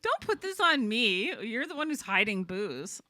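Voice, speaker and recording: Woman cohost arguing back, defensive, bright voice swinging all over, dry close mic. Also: fairly high pitch, unhurried, no echo. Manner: defensive, exasperated, animated. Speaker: podcast co-host. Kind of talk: casual arguing chat.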